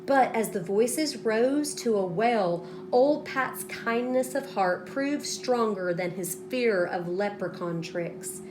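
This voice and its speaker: A woman teacher reading a storybook aloud to students in an expressive way, stopping to ask them questions. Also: on the high side, background noise. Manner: slow, expressive, pauses to prompt students.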